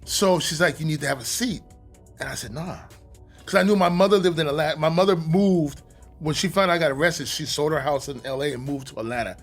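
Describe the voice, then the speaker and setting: A middle-aged man, a podcast guest, telling his story in a casual, animated, profane way with many restarts. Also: fairly high pitch, brisk, soft background music.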